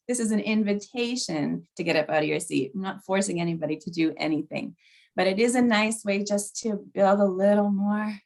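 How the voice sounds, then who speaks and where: A woman teacher, presenting classroom activities at a workshop in an upbeat way, laughing often. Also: medium pitch.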